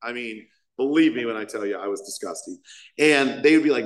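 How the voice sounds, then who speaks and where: A man's voice: mid-range voice, lively intonation, a little fast, a bit bright. A man in his thirties sharing his recovery story from a podium, rambling and self-mocking, with lots of fillers. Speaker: recovery meeting speaker. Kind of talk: personal story at a recovery meeting. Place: meeting hall. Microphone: podium microphone.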